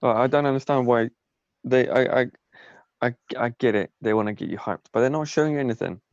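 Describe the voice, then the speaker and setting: A man's voice: mid-range voice, expressive, a little fast, creaky, a little mellow, no echo. A man co-hosting a casual podcast chat, ranting and exasperated, swearing often. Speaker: podcast co-host. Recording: dull lo-fi sound, dry.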